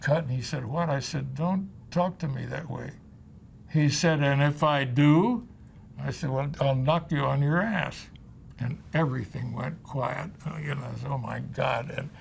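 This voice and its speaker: A man's voice: mid-range voice, gravelly, a little hiss or hum. An older man being interviewed, telling anecdotes and acting out the lines of people he quotes. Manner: animated storyteller who acts out quoted dialogue.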